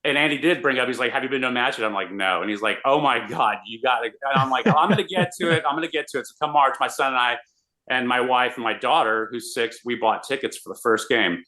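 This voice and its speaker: A man, a radio host, telling an animated story in a casual interview. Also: medium pitch, fast talker. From Austin, Texas. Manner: animated, excitable storyteller with many restarts.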